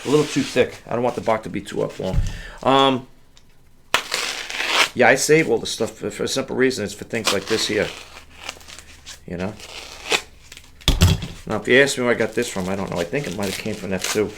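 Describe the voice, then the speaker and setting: A man's voice: on the low side, fairly quick, pauses often. Chatty man rambling over clicking noise. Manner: rambling, chatty, addresses viewers as folks. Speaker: online reseller. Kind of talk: casual talk to camera while packing. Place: workspace away from the house. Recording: clicks and clear background noise.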